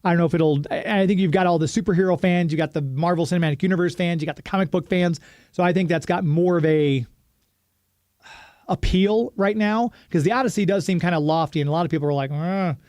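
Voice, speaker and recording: A man's voice: high voice, fast, darkish tone, no room sound, studio quality. A man co-hosting a podcast, talking about movies in an easygoing way, thinking aloud with lots of fillers. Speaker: podcast co-host. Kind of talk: casual movie review chat.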